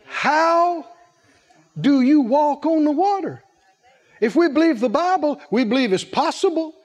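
A man preaching a sermon in an animated, humorous way, laughing often and calling out to the congregation. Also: very high-pitched, unhurried, dull audio.

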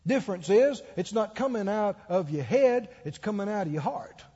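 A man's voice: high voice, expressive, normal speed, warm tone, husky. A man preaching a sermon, telling stories with acted-out quotes and laughing along. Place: church. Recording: dull echoey church hall.

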